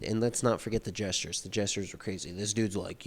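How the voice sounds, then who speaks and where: A young man talks through a novel in a relaxed, slangy way, full of fillers. His voice sits a little low. He reads passages aloud and then retells them in his own words. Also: fairly quick. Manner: laid-back, slangy retelling with lots of fillers. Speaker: book vlogger. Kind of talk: casual book report reading aloud.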